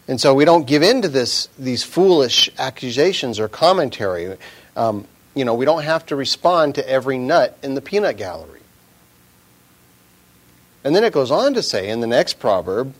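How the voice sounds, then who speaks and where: A man preaching slowly and plainly. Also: medium pitch, sing-song. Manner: slow, measured, conversational, drops to a whisper at times. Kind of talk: informal sermon.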